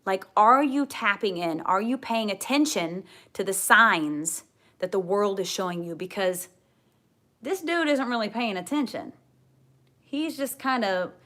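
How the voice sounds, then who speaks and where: A woman giving a tarot card reading to camera, gentle and earnest, often repeating her key phrases. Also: medium pitch, animated, unhurried. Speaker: tarot reader.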